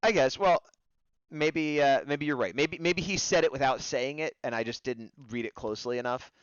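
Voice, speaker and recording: A man co-hosting a casual fan discussion, lively and laughing often, acting out quotes in a high voice. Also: normal speed, clear, resonant tone, no echo, dull audio. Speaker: co-host.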